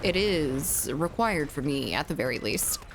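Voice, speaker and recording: Southern lady streamer, kinda low voice, cussing and laughing a lot while she games. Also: expressive, a little slow, vocal fry, background noise. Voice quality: laughs often and swears casually. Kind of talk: casual gaming livestream chat.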